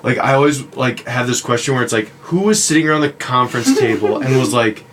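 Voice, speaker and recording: A man's voice: medium pitch, fairly quick, a bit bright, slight background noise. A man hosting a casual podcast, telling a story with laughing asides. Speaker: podcast host. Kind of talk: casual chat.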